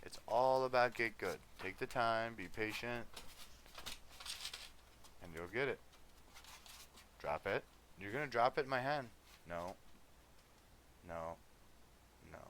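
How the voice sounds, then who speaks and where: A man's voice: on the low side, expressive, takes it slowly, pauses often, fairly bright tone, slight background noise. A male livestreamer chatting casually, easygoing, coaxing and scolding his dog between music talk.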